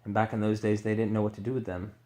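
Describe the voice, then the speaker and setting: A man's voice: on the low side, monotone, fast talker, warm tone. A man candidly telling his own addiction recovery story, rambling and swearing freely as he acts out what people said.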